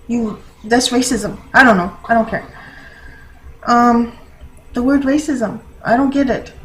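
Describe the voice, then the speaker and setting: A woman's voice: fairly high pitch, unhurried, low-quality recording. A woman vlogger talking in a casual, rambling monologue, laughing often and using many fillers.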